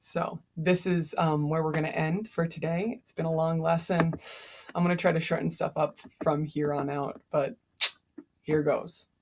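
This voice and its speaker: A woman's voice: low-pitched, steady tone, normal speed, a little mellow, slight background noise. A young woman casually summarizing a novel chapter for a class, tired, with many fillers. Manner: chatty, frequent fillers.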